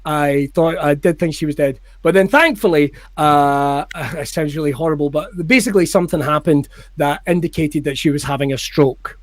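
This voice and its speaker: A Scottish comedian spins a story in casual chat, acting out the other people in big raised voices and peppering it with swearing and laughter. His voice sits high for a man, and the sound is close and dry. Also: normal speed, dry recording. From Scotland. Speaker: podcast guest, comedian.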